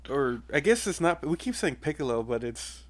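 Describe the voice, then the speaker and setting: A man chatting casually as a podcast co-host, recapping a comic chapter, loose and quick to laugh. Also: fairly high pitch, sing-song, dry recording. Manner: laughs often, loose, full of fillers.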